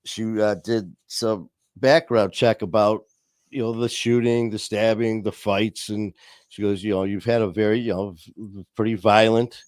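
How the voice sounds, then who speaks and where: A podcast host spins stories in a casual, unscripted chat over a video call through streaming software, restarting often and chuckling. His voice is fairly low and darkish, with fairly even intonation and a moderate pace. The sound is dry and clean, like a studio.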